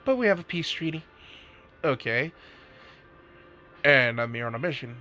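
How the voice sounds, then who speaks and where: A man voicing a weary, bemused male ninja who mutters his lines in a low, dry deadpan. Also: normal speed, lo-fi sound, faint music behind. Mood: flustered deadpan.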